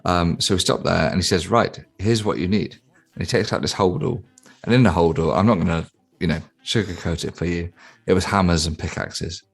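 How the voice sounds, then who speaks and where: A man co-hosting a comedy podcast, telling an improvised story in a deadpan way with stammering restarts. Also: deep voice, fairly quick, gravelly, slightly rough, faint music behind.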